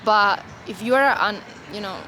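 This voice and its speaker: A woman's voice: mid-range voice, normal speed, sharp tone, rough recording. Reflective woman vlogging over street traffic. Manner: reflective, loose, heavy on "you know" and "like" fillers. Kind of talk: unscripted talk to camera.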